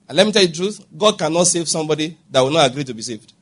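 A man preaching a sermon, his voice husky and pitched high for a man. He presses each point hard and keeps checking that his listeners are following him. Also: lively intonation, very fast. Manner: emphatic, repeats questions to the congregation. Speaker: pastor.

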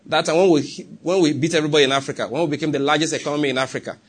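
A man with a Nigerian English accent delivers a sermon with emphatic, pressing conviction. His voice sits a little high and carries a husky, breathy edge. He keeps pausing to ask whether his listeners are following. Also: fairly even intonation. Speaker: pastor.

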